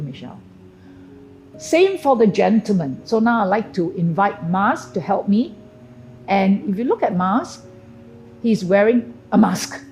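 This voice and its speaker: A woman's voice: lowish voice, a little mellow, low-quality recording. Poised woman teaching polite greetings. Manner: clear, deliberate, instructive, stretches key phrases slowly. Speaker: etiquette and grooming trainer. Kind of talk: presenting a lesson on camera.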